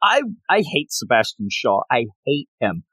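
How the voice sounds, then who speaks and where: A man chatting casually on a podcast, excited and rambling, often restarting his sentences. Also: medium pitch, measured pace, breathy edge, no echo. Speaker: podcast co-host. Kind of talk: casual chat about comics.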